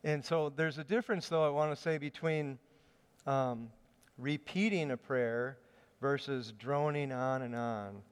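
Man preaching with a smooth, ringing voice. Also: mid-range voice, unhurried. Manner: conversational storytelling with hesitations. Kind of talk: sermon. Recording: long hall reverb.

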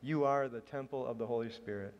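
A man's voice: medium pitch, brisk, muffled recording. A man preaching a sermon to a room, mixing a chatty, self-deprecating personal story with scripture. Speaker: pastor. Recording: long hall reverb.

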